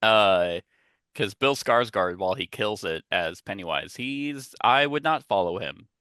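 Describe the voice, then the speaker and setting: Bright, chatty male podcast host. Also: fairly low pitch, animated, unhurried, clear, resonant tone, no echo. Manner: rambling and chatty, with lots of filler and asides. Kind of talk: casual chat. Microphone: headset.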